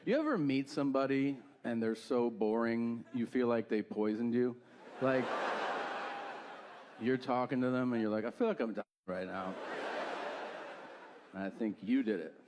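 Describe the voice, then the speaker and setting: A man telling a stand-up story in a deadpan way, acting out both sides of a conversation. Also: mid-range voice, normal speed, long pauses. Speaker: stand-up comedian. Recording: clear background noise.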